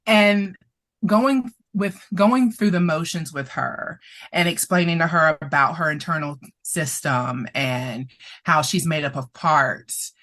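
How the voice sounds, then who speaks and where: A woman's voice: low-pitched, slow, fairly bright tone. A woman therapist presenting as a guest, telling a story expressively, laughing often and getting emotional. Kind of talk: animated storytelling in conversation.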